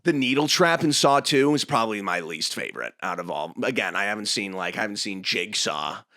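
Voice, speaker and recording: A young man hosting a podcast, chatting casually and reading viewer messages, animated and full of restarts. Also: fairly low pitch, a little fast. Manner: animated, jumping between topics with laughs and restarts. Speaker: podcast host reading super chats. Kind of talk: casual livestream chat.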